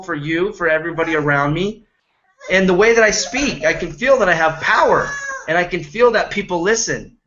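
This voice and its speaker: A man with a high, bright voice gives a motivational talk to camera. He rambles earnestly and keeps checking in with his listeners, and the recording sounds dull and lo-fi. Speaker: home business coach.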